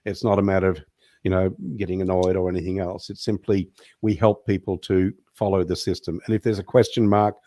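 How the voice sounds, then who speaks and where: A man with a low voice speaks as the guest on an online talk show. He explains steadily and lets his sentences trail off quietly. The sound is dry and close. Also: level tone, a little fast, no echo. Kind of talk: casual online show interview.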